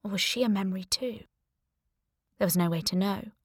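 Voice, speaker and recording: A woman's voice: mid-range voice, brisk, husky, no room sound. A young adult woman narrating a thriller audiobook in the first person, with a dry, wry manner.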